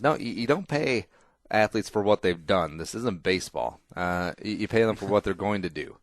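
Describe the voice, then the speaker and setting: A podcast host with a low voice and lively intonation talks at normal speed on a close studio mic, and the recording is dry. His casual show is opinionated and emphatic, rambling and full of free swearing.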